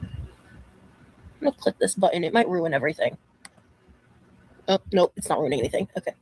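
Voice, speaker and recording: A woman's voice: lowish voice, animated, moderate pace, a little mellow, husky. A woman streamer chatting casually and loosely, laughing now and then. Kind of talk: casual chat.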